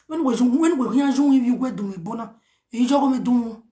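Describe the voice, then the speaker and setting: A woman with a Nigerian accent delivering a heated, animated message to camera, mixing pidgin with a local language. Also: on the high side, brisk. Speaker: social media personality. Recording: roomy echo.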